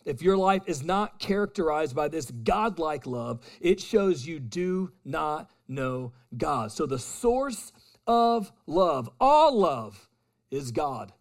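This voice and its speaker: A man preaching a sermon, moving between loud emphatic declarations and hushed storytelling. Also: fairly high pitch, sing-song, takes it slowly. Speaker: pastor.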